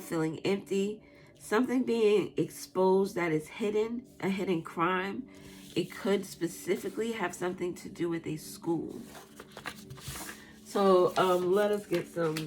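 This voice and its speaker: Profane, animated woman telling a story. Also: lowish voice. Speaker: tarot reader. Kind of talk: casual storytelling and tarot reading.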